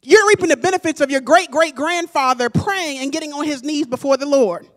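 Woman pastor, high-pitched, preaching a sermon and building to shouts. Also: brisk. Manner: preaching with call-and-response, rising to shouts.

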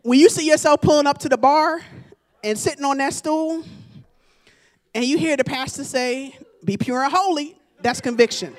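Woman pastor, high-pitched, preaching a sermon and building to shouts. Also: normal speed. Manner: preaching with call-and-response, rising to shouts.

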